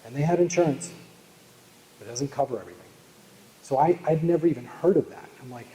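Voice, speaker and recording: A mellow, mid-range voice talks a little fast but leaves long pauses. The Bostonian is a keynote speaker at a live event, giving a motivational sales talk with jokes, stories and direct audience call-outs, and the large hall adds long reverb.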